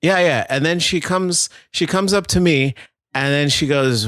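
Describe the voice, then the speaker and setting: A man's voice: a little high, measured pace, fairly bright tone, no room sound, clean studio sound. A man co-hosting a podcast, telling a story in casual chat with frequent stammering restarts. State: tired. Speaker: podcast co-host.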